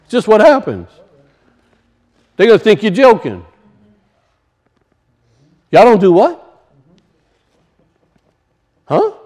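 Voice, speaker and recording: Cajun male preacher, high voice, folksy and emphatic, quizzes his flock. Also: darkish tone. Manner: emphatic, questions the congregation, folksy dialect grammar. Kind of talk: sermon.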